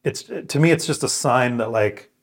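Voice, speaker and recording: A man praying, reading scripture aloud and reflecting in an earnest, thoughtful way. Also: mid-range voice. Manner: earnest, thoughtful, with pauses and restarts. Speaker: co-host of a scripture podcast.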